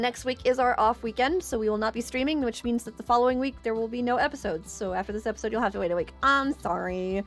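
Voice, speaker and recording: A woman game master narrating a streamed tabletop game, animated and quick when signing off. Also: fairly high pitch. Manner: animated, quick sign-off with laughter.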